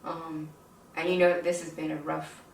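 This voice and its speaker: A woman's voice: deep voice, level tone, normal speed, creaky, slight background noise. A woman hosting a home cooking vlog, short of breath and talking in a rambling, emotional way with lots of fillers. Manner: rambling, filler-heavy and emotional, addresses viewers as "you guys". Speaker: home cooking channel host. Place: home kitchen. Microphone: camera on a tripod. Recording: echoey room, mic at a distance.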